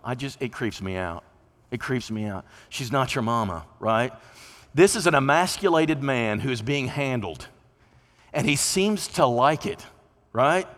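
A man's voice: on the high side, a bit bright. A man preaching a sermon from a church pulpit in a folksy, conversational way, sometimes acting out the voices of people he quotes. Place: church sanctuary. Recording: long reverb of a church hall.

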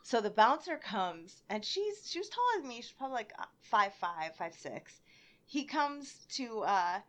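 Young woman, lively storyteller, slightly high pitch, loud bursts. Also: normal speed. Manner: animated, laughs often, loud when acting out quotes. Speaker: bartender guest. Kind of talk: casual podcast storytelling.

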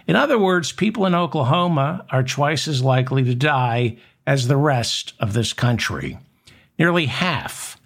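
Male host for a satirical news monologue; sardonic, unhurried, lively pitch swings. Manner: sardonic, mocking, deliberate emphasis. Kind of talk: satirical political commentary monologue.

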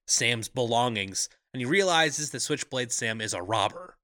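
Podcast co-host, man, very bright tone, relaxed recap with frequent laughs, dry sound. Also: mid-range voice, normal speed, no echo. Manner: laughs often, easygoing recapping. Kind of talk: casual movie recap chat.

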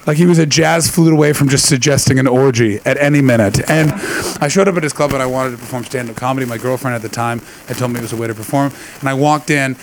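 A man's voice: mid-range voice, fast, few pauses, a little hiss or hum, rough recording. A man doing a stand-up set before a live audience, telling profane rambling stories and teasing the crowd. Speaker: stand-up comedian.

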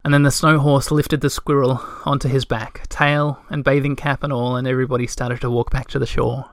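A man reading a children's storybook aloud in a gentle, measured way. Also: medium pitch, flat delivery, dry recording, studio quality. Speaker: narrator.

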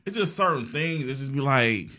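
A man's voice: mid-range voice, expressive, normal speed, pushed and bright. Laid-back man in casual podcast chat. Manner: laid-back, hesitant, many fillers and restarts. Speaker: podcast co-host.

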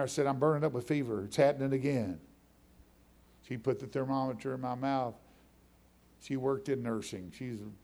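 A man's voice: mid-range voice, vocal fry, a little mellow. A middle-aged man preaching a testimony sermon, telling his story in a conversational way that builds into fervent preaching.

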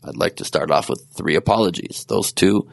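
Guy hosting a podcast, low gravelly voice, rambling self-mocking chat, short on sleep. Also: animated, moderate pace. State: sleep-deprived. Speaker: podcast host. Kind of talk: casual chat.

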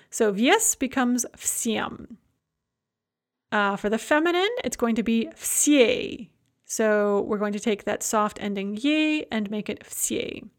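A woman with a slightly high voice explains grammar endings slide by slide. She talks in a calm, orderly teaching manner and pauses to read each example word aloud. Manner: clear, methodical, reads out example words. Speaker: language teacher.

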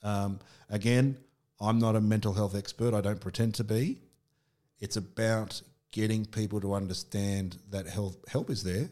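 A middle-aged man with an Australian accent speaks in a somewhat low voice. He talks candidly in a relaxed podcast chat and often restarts his sentences. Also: normal speed. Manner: candid storytelling with frequent restarts and fillers. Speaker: podcast guest. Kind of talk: casual conversation.

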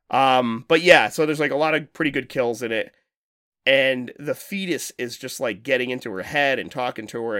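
A man talking loosely on a podcast, rambling from one point to the next, with lots of swearing and quick laughs. His voice sits in a middle register and sounds dry and close to the mic. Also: medium pitch, fairly bright tone, no room sound. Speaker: podcast co-host. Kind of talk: casual chat.

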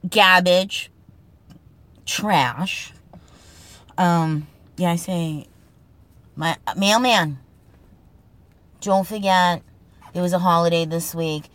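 A woman's voice: lowish voice, extremely slow, pauses often, a bit bright. A woman with a Boston accent hosting a casual, comedic podcast monologue, brash and profane in a joking, tough-talking way. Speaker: podcast host.

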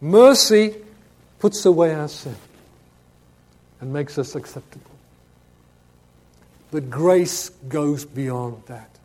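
A man preaching a sermon, stressing key words loudly, then dropping to quiet asides and asking the congregation questions. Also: a little high, slow pace, pauses often. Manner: emphatic, swings between loud urgent stress and quiet asides.

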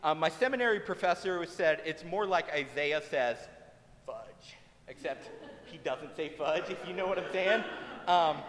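A man's voice: a little high, normal speed, fairly bright tone. Humorous male pastor in an echoing hall. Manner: conversational, humorous. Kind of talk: sermon. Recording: long hall reverb.

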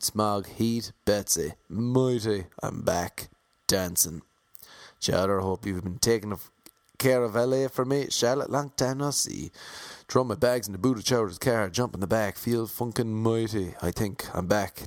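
An Irish man from Ireland narrating a comic travel story with wry, deadpan asides. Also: lowish voice, dry recording.

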